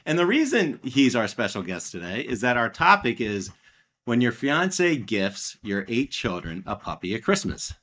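A middle-aged man co-hosting a podcast, telling a family story in a relaxed, chatty way with plenty of fillers. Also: medium pitch, measured pace. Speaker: podcast co-host. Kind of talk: casual podcast chat.

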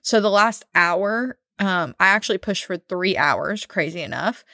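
A woman's voice: medium pitch, expressive, a little slow, sharp tone, no echo, studio quality. A woman in her thirties chatting casually on a podcast, telling a long story with lots of "like" and acting out what others said. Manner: chatty storytelling, many "like"s, acts out quotes. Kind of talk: casual chat.

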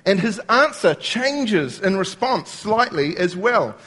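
A man's voice: high voice, big pitch swings, takes it slowly, pushed and bright, husky. A man preaching a sermon, explaining scripture word by word and quoting lines as he goes.

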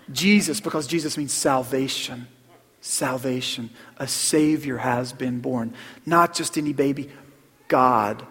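A middle-aged man preaching a Christmas sermon as pastor, earnest, repeating words and dropping to a hush on key phrases. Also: a little high. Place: church sanctuary. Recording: long hall reverb.

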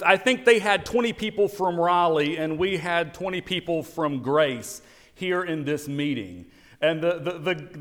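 A man giving a sermon as pastor, telling an animated story with wry asides. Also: on the high side. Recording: long church reverb.

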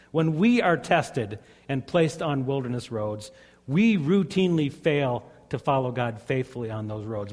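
A man preaching a sermon as a pastor, earnest and conversational, telling stories to his congregation. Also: mid-range voice. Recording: long hall reverb.

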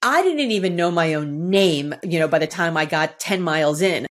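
A woman from the area, a guest on a podcast, telling a personal story in a lively way and acting out the quotes. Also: normal speed. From Boston area, United States. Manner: lively, acts out quotes with shifting pitch. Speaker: podcast guest, author and speaker. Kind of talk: animated storytelling in conversation.

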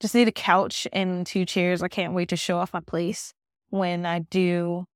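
A woman's voice: on the low side, flat delivery, measured pace, dry recording. Woman, solo podcast host, casual rambling storyteller, lots of "like", dry close sound. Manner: rambling storytelling, heavy use of "like". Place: her new apartment.

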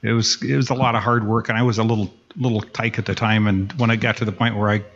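A man's voice: on the low side, little pitch movement, quick pace, fairly bright tone. An older man from Michigan's Upper Peninsula, a podcast guest telling wry, rambling stories about his youth. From Upper Peninsula of Michigan, raised in Wisconsin. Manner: wry, self-deprecating, rambling with restarts. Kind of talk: casual interview storytelling. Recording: dull lo-fi podcast recording.

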